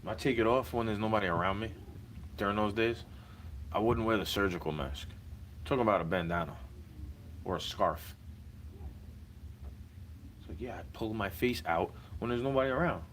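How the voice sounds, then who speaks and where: A man's voice: lowish voice, normal speed, long pauses, fairly bright tone, a little hiss or hum, low-quality recording. A young man ranting in a casual vlog, slangy and heated, repeating himself as he vents.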